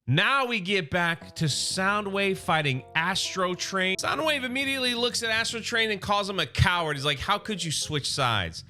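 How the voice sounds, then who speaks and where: A man casually recapping a comic book story for his channel, excitable and loose, with quick asides. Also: high voice, soft background music.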